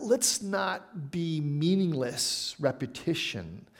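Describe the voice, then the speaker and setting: A middle-aged man preaching a sermon as a pastor, chatty and animated, with frequent asides and questions to the congregation. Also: a little high.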